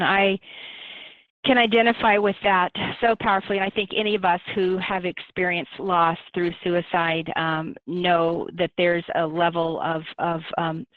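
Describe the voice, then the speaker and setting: A middle-aged woman, a guest on a webinar, speaking gently and in a measured way with many pauses. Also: lowish voice, flat delivery, no echo. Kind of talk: webinar conversation. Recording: tinny dry phone line.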